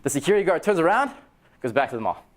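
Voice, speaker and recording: A young man in his twenties, a startup founder speaking to university students, telling a personal story in an animated way and acting out the dialogue with excited jumps in his voice. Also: a little high, rapid-fire, slight background noise. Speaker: startup founder giving a talk. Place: university event room, audience present.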